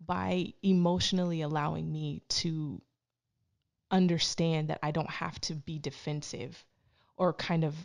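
A woman's voice: low-pitched, measured pace, creaky. A woman from Canada, a podcast guest, telling personal stories in casual chat and acting out other people's voices. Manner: animated, acts out quoted voices.

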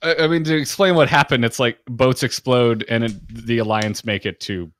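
A man's voice: mid-range voice, steady tone, moderate pace. A man co-hosting a casual podcast. He talks with enthusiasm, uses lots of fillers and often restarts his sentences. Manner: enthusiastic, filler-heavy, hesitant starts. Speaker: podcast co-host.

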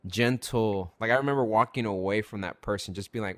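A man's voice: lowish voice, brisk, dry recording. Joking male podcast host, dry close sound. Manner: joking, storytelling with acted-out quotes. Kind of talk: casual chat.

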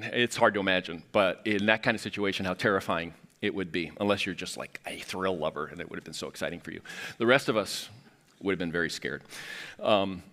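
A man preaching a sermon as lead pastor, his voice bright and forward. He talks in a conversational way, correcting himself as he goes. His pitch swings up and down freely, and he slips into quoted voices with light laughs.

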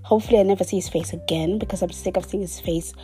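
A woman's voice: lowish voice, steady tone, quick pace, dark tone, soft background music. A woman in her twenties telling a storytime in a chatty, dramatic way, dropping into whispered asides. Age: 20s. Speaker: vlogger. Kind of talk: casual storytime monologue.

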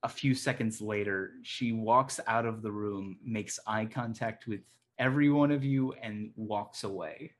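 Running a tabletop game, a man narrates in a low-leaning voice; he's relaxed, hesitant, and relies on many fillers.

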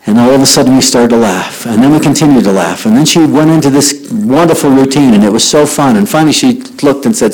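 A man's voice: medium pitch, fast talker, rough recording. A middle-aged man telling stories in a devotional youth talk, acting out the voices of the people he quotes.

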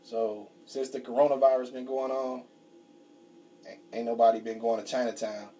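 A man's voice: mid-range voice, level tone, normal speed, dark tone, a little hiss or hum. A young man co-hosting a podcast, joking and laughing often in profane casual banter. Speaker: podcast co-host. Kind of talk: casual chat.

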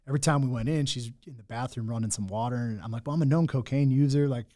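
A young man with a mid-range, dark-toned voice talks fast as he tells his own hard story. The talk is candid, raw and blunt, with frequent swearing and many restarts.

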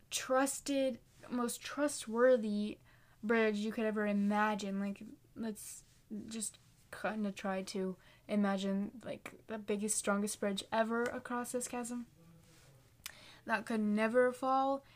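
Speaking with a voice on the high side, a faith encouragement vlogger in her late teens chats casually but earnestly about believing and reading scripture. She leans on "like" a lot and corrects herself quickly.

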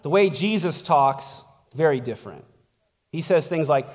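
A man's voice: on the high side, animated, normal speed, in a large hall. A man preaching as a pastor in a casual, conversational sermon, chatty and laughing, tossing in "like" and "right?" as he goes. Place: church.

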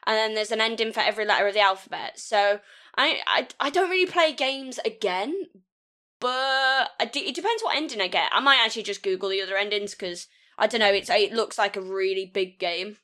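A woman's voice: medium pitch, lively intonation, a little fast, bright, forceful tone. A woman co-hosting a casual podcast chat, rambling and laughing often as she talks. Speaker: podcast co-host.

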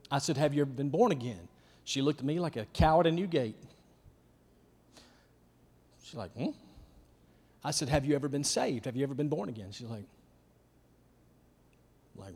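A man, a youth pastor preaching in a folksy, emphatic storytelling style that swings from hushed to loud. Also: on the high side, moderate pace. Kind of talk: storytelling sermon. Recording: long hall reverb.

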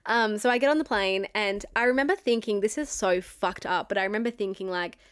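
A woman's voice: mid-range voice, a little fast, hardly any pauses, smooth. Chatty young woman telling a story. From Australia. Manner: chatty and candid, heavy use of "like", frequent swearing. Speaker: vlogger. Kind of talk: storytime monologue.

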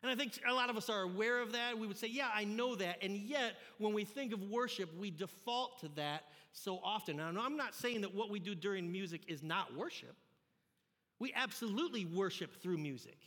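A man preaches to a youth group in a high, bright voice. He tells his story in an animated, joking way and acts out each scene. The sound carries the long reverb of a church hall. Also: normal speed. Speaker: youth pastor. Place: church sanctuary.

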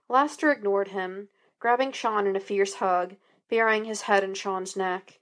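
A woman narrating a story as a podfic reader, in a steady, even reading voice. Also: mid-range voice, measured pace. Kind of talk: audiobook narration.

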